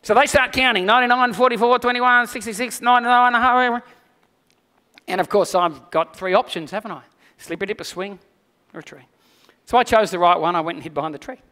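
An Australian man preaching a sermon, telling a personal story with animated energy and then turning quiet and earnest for the message. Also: high voice, fast talker, hardly any pauses, long reverb tail. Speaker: pastor.

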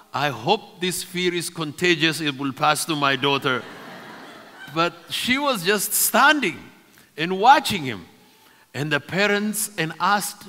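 A man's voice: high voice, sharp tone. A middle-aged man preaching a sermon, building to emphatic repeated calls. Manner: emphatic, repetitive preaching cadence. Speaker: pastor. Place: church sanctuary. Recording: long reverb of a church.

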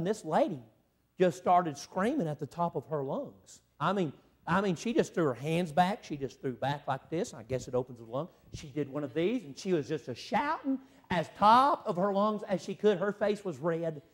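Evangelist, high voice, swings from shouts to hushed emotional testimony. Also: male voice, animated, moderate pace, slightly rough. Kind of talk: revival sermon testimony. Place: church sanctuary.

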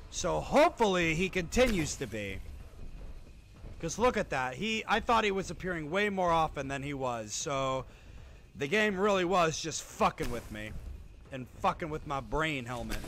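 A man streaming a horror game, swearing and reacting out loud as he plays. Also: a little high, big pitch swings, moderate pace, a little hiss or hum. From United States. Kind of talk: horror game livestream commentary.

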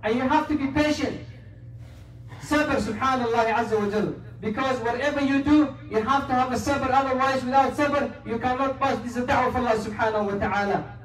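A man's voice: extremely high pitch, steady tone, a little fast, echoey room, distant mic, rough recording. A man with a Somali accent preaching a Friday sermon in a mosque, earnestly mixing English with quoted Arabic. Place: mosque prayer hall.

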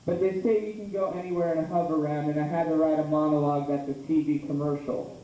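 A man with a high, dark-toned voice does a rambling, self-deprecating stand-up set. He is caught from across a small bar room, so his voice is distant and soaked in echo, with a faint murmur of the room behind him. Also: fairly even intonation, fast, slight background noise. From Idaho. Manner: rambling, self-deprecating, slips into mock ad pitch. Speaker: stand-up comedian. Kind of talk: open mic stand-up set. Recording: echoey room from far off.

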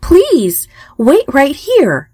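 A woman voicing an excited young shepherdess who talks eagerly, in a children's Bible storybook. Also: high voice, very slow, dry recording, studio quality, pitched above the performer's own voice, heavily acted. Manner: eager, breathless exclaiming.

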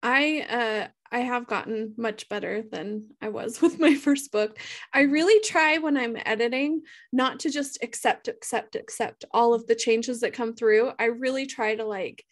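A woman from the United States co-hosts a relaxed podcast. Her voice is a touch high, and she laughs easily while poking fun at herself. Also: a little slow. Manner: laughs easily, self-deprecating. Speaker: podcast co-host, author. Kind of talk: casual chat.

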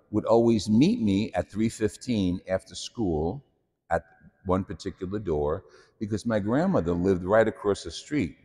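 A man's voice: on the low side, darkish tone, husky, long reverb tail. A male priest preaching a sermon in a church, telling self-deprecating stories. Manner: anecdotal storytelling, self-deprecating.

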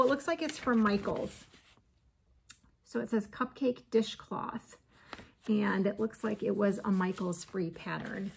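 A woman's voice: fairly high pitch, creaky, a little hiss or hum. A middle-aged woman vlogger chatting casually to camera while opening fan mail, gushing and laughing often.

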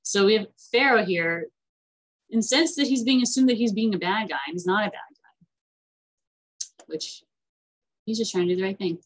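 A woman teaching an online class in a chatty, animated way, acting out the characters as she retells stories. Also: medium pitch, moderate pace, long pauses, low-quality recording.

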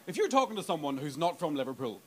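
Animated Northern Irish comedian in his thirties. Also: a little high, fast talker, slight background noise. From Northern Ireland. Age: 30s. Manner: animated, swearing, mimics crowd accents with sudden loud outbursts. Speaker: stand-up comedian. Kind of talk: stand-up comedy set. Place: comedy club stage.

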